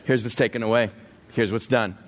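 A man preaching a sermon in an animated way, acting out everyday scenes with humor and asking the audience direct questions. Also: medium pitch, a little fast. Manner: talks straight to the audience with questions. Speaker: pastor.

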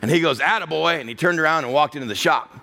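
A man's voice: fairly high pitch, quick pace, creaky, bright, forceful tone. A middle-aged man preaching a sermon, telling a personal story and acting out the voices of the people in it. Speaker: pastor.

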